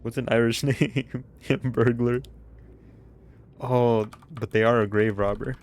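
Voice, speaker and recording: A man's voice: medium pitch, fairly even intonation, slow, a little mellow. A man streaming a video game, joking and rambling in casual commentary and laughing often.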